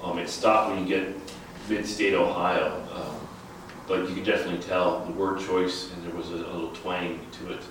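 Man, low voice, casual Bible study leader questioning the group, echoey room, heard from a distance. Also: level tone, moderate pace, a bit bright, slight background noise. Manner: asks the group questions, conversational. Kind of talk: informal Bible study teaching. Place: church room.

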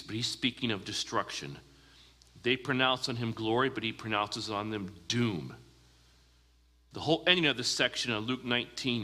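A man preaching a sermon as a pastor, earnest, asking the listeners questions and slowing down for emphasis. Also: medium pitch, pushed and bright, big-room sound.

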